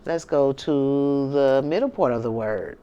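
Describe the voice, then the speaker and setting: A woman's voice: rumbling low, a little slow, dark tone, dull audio, slight background noise. A woman from the United States hosting her own channel, talking casually and emphatically to her viewers and often checking in with "okay?" and "you know". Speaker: channel host.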